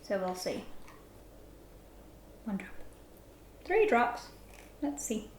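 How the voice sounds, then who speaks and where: A woman's voice: mid-range voice, sing-song, extremely slow, a little mellow, a little hiss or hum. Giggly woman in an echoey kitchen. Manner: chatty, giggly, talks while working. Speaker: baking vlogger. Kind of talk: casual recipe tutorial. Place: home kitchen. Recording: echoey kitchen with clattering dishes.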